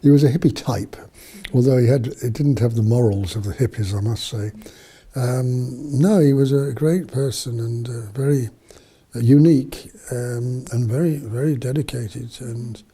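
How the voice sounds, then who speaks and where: A man's voice: medium pitch, normal speed, dark tone, breathy edge. A man, a priest and missionary, telling stories in an interview, rambling with many fillers and restarts. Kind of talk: storytelling in an interview.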